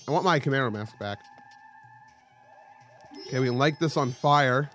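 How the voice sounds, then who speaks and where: A man's voice: mid-range voice, moderate pace, long pauses, soft background music. A young man casually commentating his gameplay, joking and yelping at sudden moments. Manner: excitable, joking, with sudden yelps. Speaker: let's play host.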